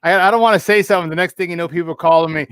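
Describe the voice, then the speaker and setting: A young man hosting a casual sports talk show, joking and laughing a lot as he tells stories and acts out high-voiced quotes. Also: steady tone, very fast, fairly bright tone, clean tone, dry recording. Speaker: radio sports talk host. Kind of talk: casual chat.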